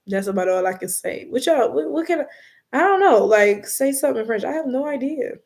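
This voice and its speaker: Young female streamer, slightly high voice, swears freely, animated stories and chat reading. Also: a little fast. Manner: animated, profane storytelling. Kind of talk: casual live-stream chat.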